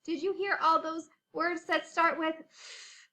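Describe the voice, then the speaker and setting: A female teacher reads a storybook aloud during a phonics lesson for young children. She sounds animated and sing-song, with a very high-pitched voice at a measured pace.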